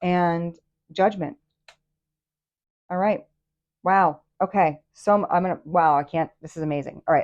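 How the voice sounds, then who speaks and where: A woman hosting a casual tarot reading, excitable and chatty, with plenty of fillers and restarts. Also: fairly low pitch, normal speed, pauses often, dull audio. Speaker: tarot reader and channel host.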